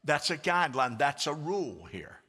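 A pastor preaching to his congregation in a church, his voice bright and forceful and set a little high for a man. He calls out to the people and has them repeat lines back to him. A long reverb hangs on every phrase. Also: sing-song, normal speed, husky. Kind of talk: sermon.

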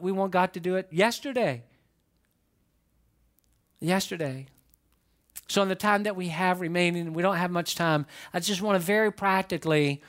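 A man preaching a sermon as pastor, animated, acting out the voices of his listeners and of Bible figures. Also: sits high.

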